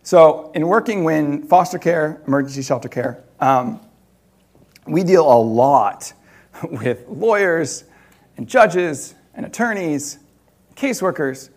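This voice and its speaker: A man delivering a sermon through a personal story. His voice sits a little high and moves with lively, wide swings of pitch. He shifts between hushed asides and louder, laughing peaks. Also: a little slow, pauses often. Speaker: preacher.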